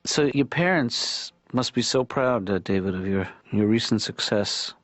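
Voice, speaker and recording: An actor playing a calm, soft-spoken therapist in a cartoon, heard as muffled lo-fi TV audio. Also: male voice, mid-range voice, no echo. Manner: soft, slow, measured.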